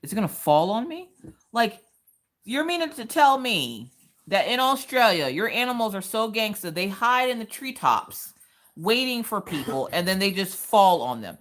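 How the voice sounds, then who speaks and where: A woman chatting casually on a craft livestream, reading viewer comments with animated, laughing reactions. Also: mid-range voice, moderate pace. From Pennsylvania. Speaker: livestream host.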